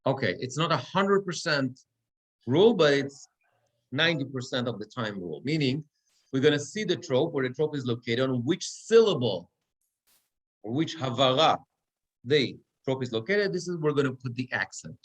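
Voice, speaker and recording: A man's voice: mid-range voice, expressive, normal speed. Man teaching a class, checking in often. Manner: explains step by step, checks in with "okay?" and "right?". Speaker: cantor teaching Torah reading. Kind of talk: classroom lecture. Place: synagogue classroom.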